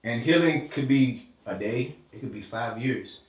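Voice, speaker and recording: A man's voice: mid-range voice, a little slow. A man from Georgia, a podcast guest, talking in a fervent, preachy way and swearing freely in a casual heart-to-heart conversation. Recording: echoey room, distant mic.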